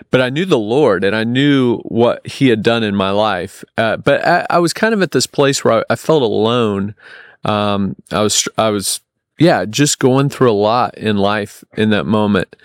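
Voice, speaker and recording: A man in his thirties with a fairly low voice tells a personal story as a podcast guest. He halts and restarts, leaning on fillers as he searches for words. The sound is dry and close. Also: clear, resonant tone, no room sound. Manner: rambling, halting, many restarts and ums.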